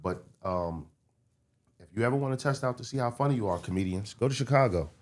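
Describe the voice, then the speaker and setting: Speaking at a medium pitch, a Baltimore/DC-area man shares his story as a comic guest in a casual podcast talk, animated and breaking into fast impressions of city folks.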